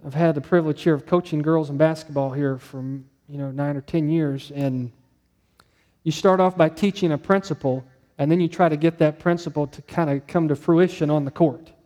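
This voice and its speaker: A man's voice: fairly high pitch, steady tone, moderate pace, warm tone, long reverb tail. A man preaching a sermon as pastor, talking conversationally and telling stories with quoted voices.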